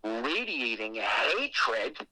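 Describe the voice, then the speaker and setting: A man telling a creepy personal story on a podcast in a casual, animated way, swearing often. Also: mid-range voice, drawn-out words, dry recording, rough recording. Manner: animated and heavily profane, with acted asides. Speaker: guest telling a ghost story.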